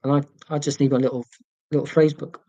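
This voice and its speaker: A man's voice: medium pitch, level tone, a little fast, mellow, dry recording, muffled recording. A man hosting a casual livestream from home, reading viewer comments in a chatty, rambling, self-deprecating way. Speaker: YouTube channel host.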